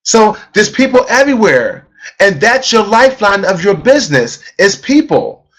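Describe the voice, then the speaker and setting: High-voiced emphatic male sales trainer. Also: very animated, normal speed, a bit bright. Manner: emphatic, repeats key phrases for stress. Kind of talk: live online sales webinar.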